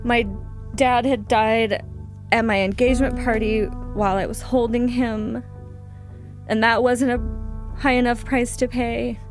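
A woman guest telling a personal story in an interview, halting and emotional, with frequent restarts. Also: fairly high pitch, flat delivery, music in the background.

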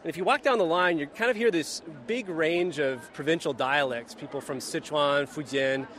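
A man reporting for the radio from outdoors at a busy expo, describing the scene in a relaxed way with fillers. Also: on the high side, normal speed, slight background noise. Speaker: reporter, bureau chief.

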